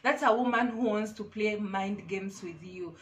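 A woman's voice: medium pitch, normal speed. A woman vlogger giving casual, emphatic advice to camera, repeating her key phrases.

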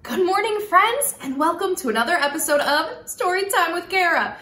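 Woman doing kids story time, high and super animated, echoey room. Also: normal speed. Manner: expressive, gentle teacherly. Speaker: children's story time host. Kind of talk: reading a children's storybook and teaching.

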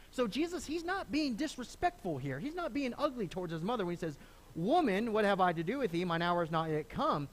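A middle-aged man preaching a sermon as pastor, conversational and animated, often restarting phrases and acting out the people he quotes. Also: sits high, quick pace, slight background noise. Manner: lively, conversational preaching with repeated starts and acted quotes. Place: church sanctuary.

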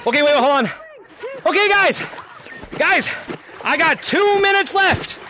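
A man hosting a virtual reality game lobby on a live stream, shouting callouts, repeating himself and laughing often as he plays at home. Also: very high voice, animated, measured pace, noisy background. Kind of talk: excited live gameplay commentary. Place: at home playing in VR.

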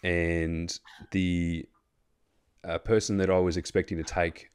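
A man's voice: low-pitched, level tone, takes it slowly, clean tone. An Australian man hosting a casual chat, telling a long story in a rambling way with lots of fillers, restarts and swearing. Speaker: host.

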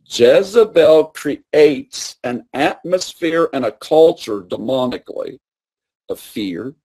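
A man's voice: fairly high pitch, expressive, slow, warm tone, husky. A man preaching a sermon and teaching with emphatic, repeated phrases.

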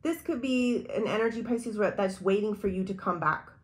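A woman's voice: mid-range voice, normal speed. Woman tarot reader, loose intuitive monologue addressed to the viewer.

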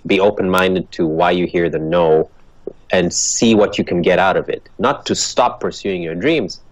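A man's voice: low voice, normal speed, no room sound, low-quality recording. A man with a transatlantic accent, a guest giving earnest motivational answers in an interview and laughing easily. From Ethiopia. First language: Dutch. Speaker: guest, actor and comedian.

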